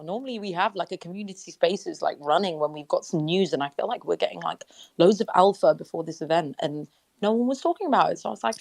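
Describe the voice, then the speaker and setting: A woman's voice: fairly low pitch, lively intonation, fast talker, gravelly, darkish tone. A woman hosting a casual online audio chat from her sofa at home, candid and laid-back. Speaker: host.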